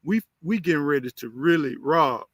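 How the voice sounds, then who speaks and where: A man hosting a casual livestream, reading viewer comments aloud and repeating phrases in an animated, preachy way. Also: fairly high pitch, normal speed, dry recording, studio quality. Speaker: livestream host.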